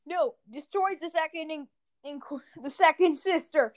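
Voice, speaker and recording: A woman's voice: sits high, moderate pace, rough recording. A woman hosting a casual game review podcast, recapping the story in a rambling, jokey way. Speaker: podcast host.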